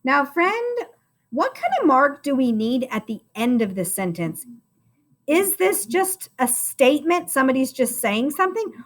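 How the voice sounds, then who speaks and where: A woman teaching a recorded first-grade phonics lesson, speaking slowly and encouragingly and calling the viewer friend. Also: high voice, very animated.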